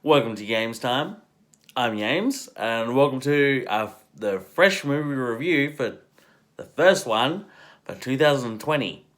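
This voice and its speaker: A man hosts a relaxed film review, chatty and keen. He talks slowly, with frequent halting pauses, at a middle pitch. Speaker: movie reviewer host. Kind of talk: casual video review.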